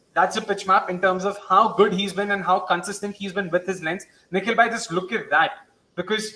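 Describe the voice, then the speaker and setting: A man's voice: high-pitched, sharp tone, rough recording. A man with an Indian accent hosting a live cricket watchalong, rambling and switching between Hindi and English. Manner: rambling, mixes Hindi and English, self-correcting. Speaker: host.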